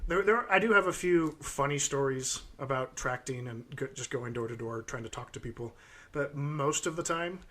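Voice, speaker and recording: Bright-voiced man telling a rambling story. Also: mid-range voice, moderate pace. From United States. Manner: rambling storytelling with many fillers. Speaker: podcast co-host. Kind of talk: casual chat.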